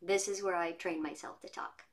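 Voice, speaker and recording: A woman voice actress chatting as an interview guest from her home studio, telling stories in a lively way. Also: lowish voice, normal speed. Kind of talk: casual interview chat.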